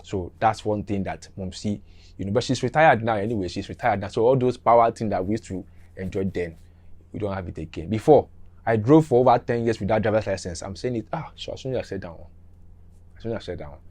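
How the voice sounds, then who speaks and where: A middle-aged man tells a story from his youth in a loose, casual way. He is animated, repeats himself and acts out the scenes with sound effects and small asides. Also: on the low side, quick pace.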